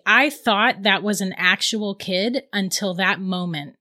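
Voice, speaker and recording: A woman in her thirties telling a ghost story in casual chat, animated and laughing often. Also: medium pitch, takes it slowly.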